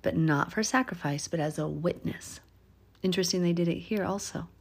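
A woman leads an informal Bible study, her voice sitting a touch low. She talks in a chatty, easygoing way, laughing often. She becomes animated when driving a point home, speaking into a phone. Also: normal speed, husky. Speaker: Bible teacher. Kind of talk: casual Bible study teaching.

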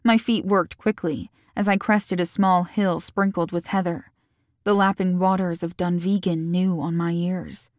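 Female author-narrator, first-person audiobook, measured and calm, slightly low pitch, dry recording. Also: no room sound. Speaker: author reading her own novel.

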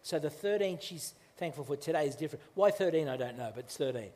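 A man preaches a sermon in a church, his slightly raised voice carrying a long hall reverb. He talks conversationally, stumbling and restarting, then slows down to lean on key phrases. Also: on the high side, animated, darkish tone. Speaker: pastor.

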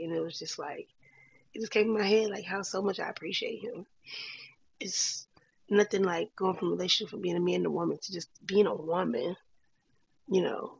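Speaking straight to camera, a female vlogger gives her audience a candid, encouraging, slang-filled heart-to-heart. She has a lowish, gravelly, slightly rough voice, and the recording's high frequencies are cut off.

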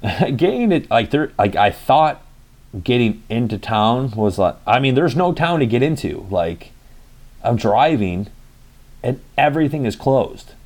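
A man's voice: medium pitch, animated, measured pace, darkish tone. Rambling, profane young man telling a story. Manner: rambling, profane, acts out quoted dialogue. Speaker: vlogger. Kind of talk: casual storytelling.

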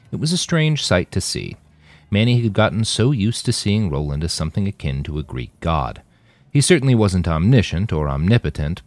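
A man narrating an audiobook in an expressive, dramatic storytelling manner. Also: a bass voice, dry recording.

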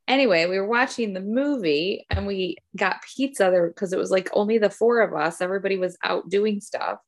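A woman's voice: mid-range voice, brisk. A middle-aged woman, a podcast co-host and mother, telling family stories in casual, rambling chat. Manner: chatty, rambling storytelling.

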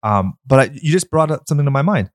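A man's voice: medium pitch, lively intonation, fast talker, no echo, clean studio sound. A man hosting a podcast, chatting casually about films in a blunt, enthusiastic way and swearing freely. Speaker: podcast host. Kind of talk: casual film chat.

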